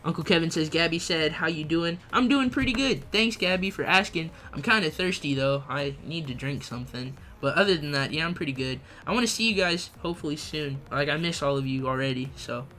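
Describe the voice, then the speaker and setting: A man's voice: on the high side, lively intonation, brisk, few pauses, bright, forceful tone, soft background music. A young man live-streaming a video game, chatting casually with viewers, reading their messages aloud, using slang and laughing often. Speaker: gaming livestreamer.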